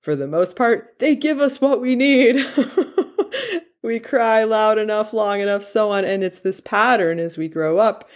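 A woman's voice: mid-range voice, unhurried. A woman in her forties telling a personal story in a candid, confessional way, with plenty of fillers. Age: 40s.

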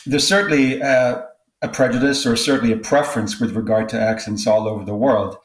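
A man's voice: mid-range voice, fairly even intonation, a little fast. A man, a guest sociolinguist, giving thoughtful, expansive interview answers. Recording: roomy echo.

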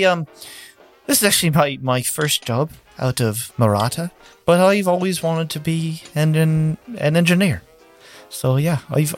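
A man's voice: medium pitch, a little mellow. A man voicing an eager young male ship engineer who stammers and gushes with thanks. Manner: stammering, gushing.

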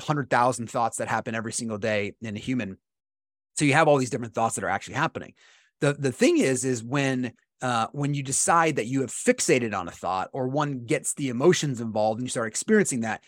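Guy chatting about meditation on a podcast, mid pitch, dry sound, keeps saying right?. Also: no room sound. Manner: conversational, repeats "right?", acts out inner dialogue. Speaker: podcast co-host teaching meditation. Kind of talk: casual explanatory podcast talk.

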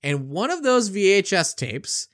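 A middle-aged man co-hosting a podcast, telling a childhood story in a casual, animated way and acting out the quotes. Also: high-pitched, measured pace. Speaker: podcast co-host.

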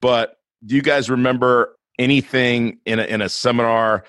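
A man's voice: medium pitch, steady tone, moderate pace, a bit bright, dry recording. A man hosting a podcast in a casual, earnest and enthusiastic way. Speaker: podcast host.

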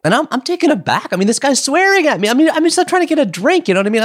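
A man guest on a podcast, casually telling a story with lively, animated retelling of dialogue. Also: very high voice, very fast, hardly any pauses, no room sound. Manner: animated, mimics voices in retold dialogue.

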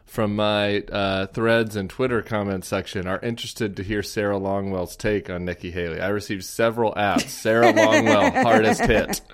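A man hosting a political podcast, chatting casually and reading out quotes with animated laughs. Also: lowish voice, moderate pace, hardly any pauses. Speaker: podcast host.

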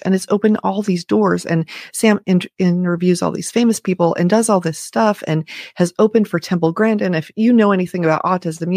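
Gravelly-voiced enthusiastic woman vlogger. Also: lowish voice, a little mellow, no echo, clean studio sound. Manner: enthusiastic, emphatic, conversational. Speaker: motivational vlogger. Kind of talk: motivational talk to camera.

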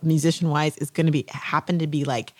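A woman co-hosting a podcast, chatting casually and telling stories with lively quoted voices. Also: low voice, brisk, dry recording. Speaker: podcast co-host. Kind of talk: casual chat.

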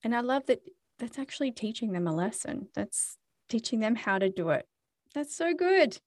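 Candid, expressive woman podcast host. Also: on the high side, brisk, no echo, studio quality. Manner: candid, self-deprecating, expressive. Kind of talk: casual interview chat.

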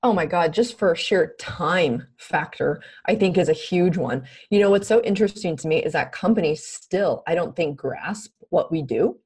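A woman in her thirties who founded a recruiting firm tells stories as a podcast guest in a casual interview, laughing often and animatedly acting out other people's lines. Her husky voice sits on the low side, moving at a moderate pace with few pauses.

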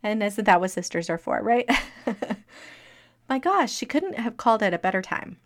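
A middle-aged woman telling a personal story as a motivational talk, lively and laughing as she acts out what people said. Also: mid-range voice, measured pace. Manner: animated, acting out quoted speech, laughing between lines.

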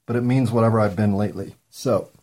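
A man hosting a solo talk show, rambling through jokes and musings with many ums and pauses while high. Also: darkish tone, a little hiss or hum. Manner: meandering, joking asides, frequent ums and pauses. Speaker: podcast host.

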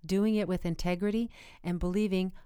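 A woman's voice: lowish voice, steady tone, fairly quick, dark tone, smooth, dry recording, studio quality. A woman speaking earnestly as a podcast guest, encouraging listeners. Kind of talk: motivational podcast conversation.

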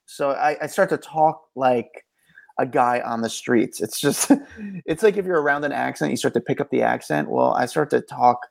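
A man co-hosting a celebrity news podcast in a rambling, animated casual chat, often correcting himself. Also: medium pitch, moderate pace, gravelly. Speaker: co-host and street reporter.

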